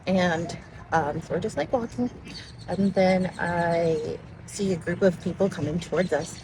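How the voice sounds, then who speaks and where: A woman's voice: fairly low pitch, measured pace. A woman casually telling a story outdoors near water, rambling and giggling and often distracted. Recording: noisy outdoor recording.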